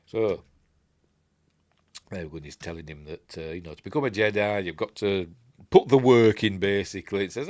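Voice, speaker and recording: A man's voice: lowish voice, normal speed, long pauses, darkish tone, dry recording. A man with a Yorkshire accent hosting a casual film review at home, rambling chattily with tag questions and asides. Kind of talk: casual film commentary over the movie.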